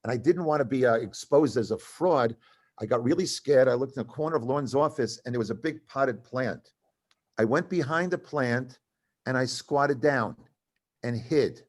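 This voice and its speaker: A man's voice: mid-range voice, moderate pace. An older man, a comedy writer, telling stories at a live talk and acting out the voices of the people in them. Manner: animated, acts out other people's voices in quotes. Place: cultural center venue, live event.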